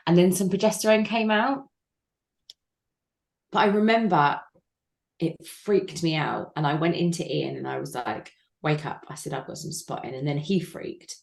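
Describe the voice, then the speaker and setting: In a noticeably echoey room, a woman in her thirties tells a personal story during an interview. Her low voice has a creaky, darkish tone, and she speaks frankly yet haltingly, stumbling through fillers and restarts.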